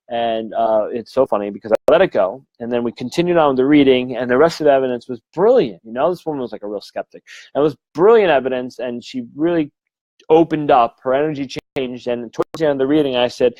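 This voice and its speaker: A man's voice: medium pitch, fast, a little mellow, no echo, poor audio. A man, middle-aged, a medium giving a frank, rambling live-stream talk full of fillers and swearing. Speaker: medium and mentor.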